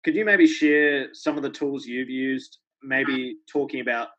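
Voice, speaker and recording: A man's voice: mid-range voice, steady tone, measured pace, a bit bright. A man hosting a podcast, speaking earnestly and reflectively, often adding "right?" as he talks. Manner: earnest, reflective, many tag questions. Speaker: podcast host. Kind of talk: podcast interview. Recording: dull lo-fi podcast sound.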